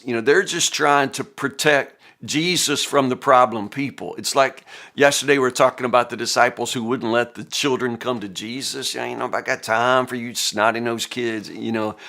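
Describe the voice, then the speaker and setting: A man's voice: mid-range voice, vocal fry, a bit bright. A man giving a casual Bible devotional talk in a folksy, conversational way, stumbling over repeated words and acting out quotes.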